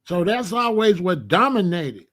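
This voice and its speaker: A male commentary host from Chicago, telling stories in an opinionated monologue with animated, slangy street talk. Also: high voice, measured pace.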